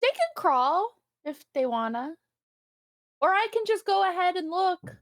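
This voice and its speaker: A woman's voice: very high-pitched, sing-song, a little slow, no room sound, clean studio sound. A woman playing in a tabletop game, chatting playfully and laughing often. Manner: playful, giggly. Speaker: player.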